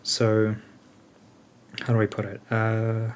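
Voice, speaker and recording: A man's voice: lowish voice, completely flat delivery, takes it slowly, a little hiss or hum. A man leading a game alliance, chatting casually and thinking aloud with lots of fillers as he answers questions.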